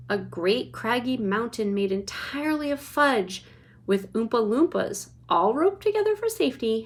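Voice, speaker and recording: A woman reading a children's chapter book aloud to her child, lively and expressive. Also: on the high side. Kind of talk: bedtime read-aloud.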